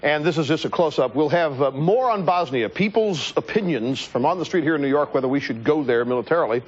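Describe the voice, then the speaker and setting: A man hosting a TV talk show, delivering an animated, joking political monologue in the studio and talking to his crew. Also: a little high, a little fast, husky. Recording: dull lo-fi TV broadcast.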